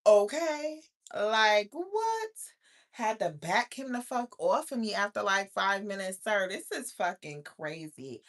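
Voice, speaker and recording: A woman's voice: mid-range voice, animated, a little slow, few pauses, a bit bright. A woman hosting a live stream in casual chat, talking bluntly and profanely to her viewers. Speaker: livestream host.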